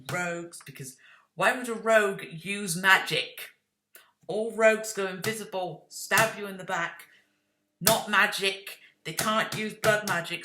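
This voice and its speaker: A bright, forceful, mid-range voice comes through with reverb and slight background noise. A video creator rambles casually to camera, explaining things, correcting themselves, and snapping defensively at imagined critics.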